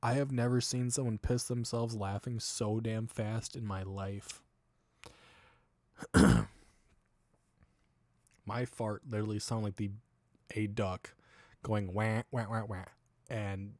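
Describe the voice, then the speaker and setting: A man's voice: on the low side, fairly even intonation, slow pace, long pauses, a little mellow, dry recording. A man in his thirties chatting on his livestream as its host, laughing often while he tells crude funny stories. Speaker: streamer. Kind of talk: casual livestream chat.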